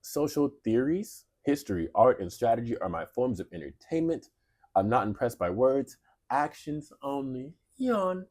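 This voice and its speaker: A man's voice: mid-range voice, expressive, moderate pace, darkish tone. A man co-hosting a casual comedy podcast, sarcastically reading and mocking dating profiles. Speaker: podcast co-host.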